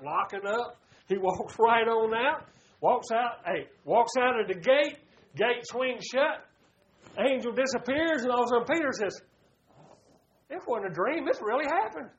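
A man's voice: extremely high pitch, fairly bright tone. A man, preaching a folksy sermon and calling his listeners "buddy.". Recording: dull lo-fi recording.

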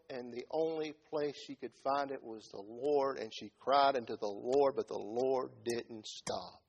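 A middle-aged man preaching a sermon in a folksy way, dropping from quiet talk to loud shouted peaks. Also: medium pitch, a little slow, creaky, few pauses, dull audio, a little hiss or hum.

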